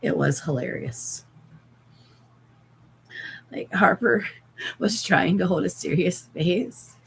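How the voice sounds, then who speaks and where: Gravelly-voiced woman chatting on a live stream. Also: fairly low pitch, lively intonation, takes it slowly, pauses often, a little hiss or hum, rough recording. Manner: rambling, self-deprecating, swears casually. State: voice cracking and giving out. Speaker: crafting livestreamer. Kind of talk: casual live-stream chat while sewing.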